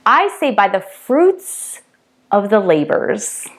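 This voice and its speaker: A woman's voice: medium pitch, big pitch swings, slow. A woman coach giving a casual teaching talk, emphatic, repeating key words and checking in with "okay?" and "right?". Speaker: twin flame coach and tarot reader.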